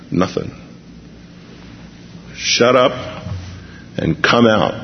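A man preaching a sermon, telling the scene like a story and acting out the quoted voices. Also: medium pitch. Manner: animated storyteller, acts out quotes, shifts pace. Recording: long hall reverb, dull lo-fi sound.

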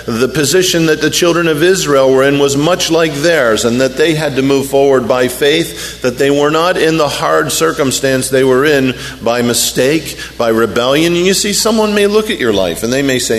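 A man, a pastor, preaching a sermon in an animated way, acting out the voices of people who complain. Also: mid-range voice, normal speed, long reverb tail, a little hiss or hum.

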